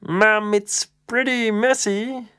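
A woman's voice: mid-range voice, steady tone, slow pace, a bit bright, clear, resonant tone, voice pushed up. A woman voicing a flustered young schoolboy who stammers out hesitant excuses.

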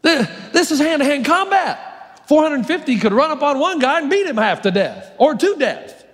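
A man's voice: extremely high pitch, sing-song, moderate pace, a bit bright. A male pastor preaching a sermon, storytelling and emphatic, with long hall reverb. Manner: storytelling, emphatic, varies his pace.

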